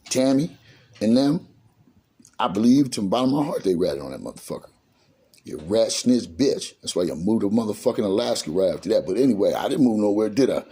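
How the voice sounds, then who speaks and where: A middle-aged man recounts his past in loose street slang, his low voice husky and dark. His pitch jumps around as he acts out what others said. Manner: street slang, animated acting out of quoted dialogue. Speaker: storyteller. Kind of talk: casual spoken life story.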